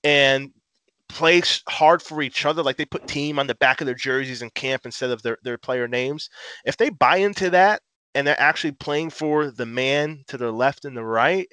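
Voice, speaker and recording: A man co-hosting a casual sports podcast, an animated, profane fan who rants. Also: mid-range voice, normal speed, clear, resonant tone, dry recording. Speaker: podcast co-host.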